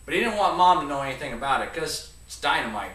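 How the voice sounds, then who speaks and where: A man around forty, telling a comic story to an audience in a rambling, animated way. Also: a little high, fast talker. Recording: echoey room, voice from a distance.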